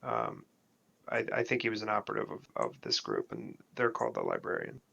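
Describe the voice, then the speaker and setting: Aarzelende speler met krakende, lage stem. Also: male voice, fairly low pitch, sing-song, a little fast, vocal fry, a bit bright. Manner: hesitant, many fillers and restarts. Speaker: player. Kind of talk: in-character tabletop play. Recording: dull lo-fi mic.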